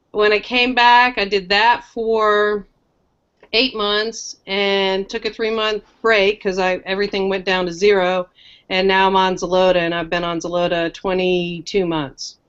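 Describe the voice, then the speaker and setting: A woman chats frankly about her own life, cracking dry jokes along the way. She turns lively and loud whenever she quotes someone, and her voice sits in a middle register. The audio is dull and lo-fi, like a web chat. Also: medium pitch, unhurried, smooth. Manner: frank, joking, animated when quoting. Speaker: guest sharing her cancer story. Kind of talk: casual chat.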